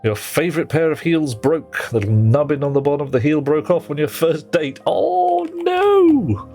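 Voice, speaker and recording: Over faint background music, a male game streamer teases his viewers playfully and talks to himself while he plays. His voice is fairly high and a little mellow, with a steady tone and a slightly fast pace.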